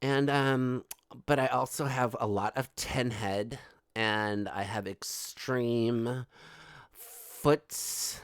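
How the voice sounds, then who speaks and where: A man doing a soft, airy, vain celebrity woman. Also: mid-range voice, steady tone, very slow, smooth, no room sound, studio quality. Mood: smug. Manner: soft, airy and self-absorbed, full of "oh my God" and "like". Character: mocking impression of a vain, scatterbrained celebrity woman.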